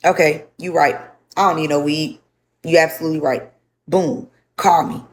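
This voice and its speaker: A woman's voice: sits low, steady tone, moderate pace. A young woman telling her story to a livestream audience, speaking bluntly with lots of swearing and repetition.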